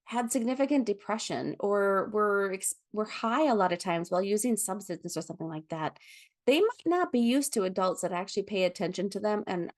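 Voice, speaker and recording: A woman leading a foster care training lecture, explaining gently with frequent ums and self-corrections. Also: mid-range voice.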